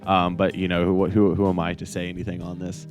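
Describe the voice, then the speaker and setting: A man's voice: low-pitched, completely flat delivery, a little fast, soft background music. A man hosting a casual manga review chat, rambling and joking as he mock-quotes the characters. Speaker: podcast host.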